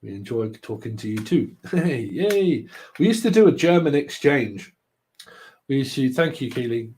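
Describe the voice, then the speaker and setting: A man's voice: mid-range voice, animated, a little slow, a little mellow, slight background noise. A man hosting a live tarot stream, chatting casually with viewers, joking and laughing often. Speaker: tarot livestream host.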